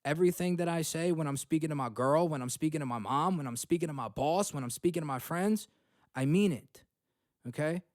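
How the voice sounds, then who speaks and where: A young man on his own self-help podcast, talking bluntly and swearing freely. His voice sits a bit high and comes through smooth and resonant. The sound is close and dry, with almost no room echo. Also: a little fast, darkish tone. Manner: blunt, swears freely, repeats points with "okay?" and "right?". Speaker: podcast host. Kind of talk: motivational self-help talk. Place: home.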